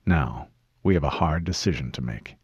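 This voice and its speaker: Deep terse soldier guy, narrator putting it on, calm, dull dry recording. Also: normal speed, breathy edge, dry recording, exaggerated voice. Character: stoic armored male super-soldier, terse and calm.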